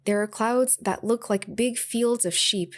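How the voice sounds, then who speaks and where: A woman reading the lines of a sweet, fanciful young girl in a storybook, in a soft and easy-going voice. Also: on the high side, a little slow, pitched above the performer's own voice, lightly acted. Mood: fond.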